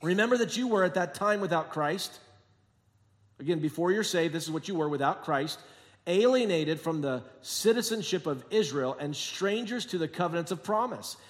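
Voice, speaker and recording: A man preaching a sermon as pastor, telling jokey stories and acting out quotes, moving between quiet asides and emphatic points. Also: fairly high pitch, expressive, normal speed. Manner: jokey, sarcastic storytelling with acted-out quotes. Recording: long hall reverb.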